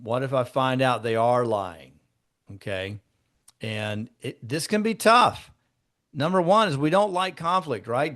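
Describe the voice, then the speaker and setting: A man's voice: mid-range voice, fairly bright tone. A man who is a real estate broker, leading a training session for a group and teaching through conversational stories from his own deals. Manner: conversational, acts out client dialogue in shifting tones. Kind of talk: instructive storytelling to a group.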